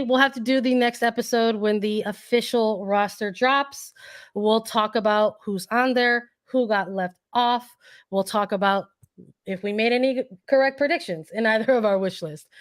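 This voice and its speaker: A woman co-hosting a casual sports podcast, hoarse and losing her voice, who often clears her throat and repeats words while she thinks. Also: medium pitch, normal speed. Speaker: podcast co-host.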